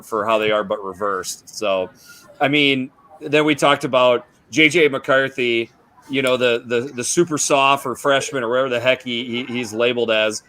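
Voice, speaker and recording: A man's voice: medium pitch, bright, forceful tone. A man with a Minnesota accent, a guest on a sports radio show, talking casually about college football picks with frequent restarts. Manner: halting, restarts, easygoing.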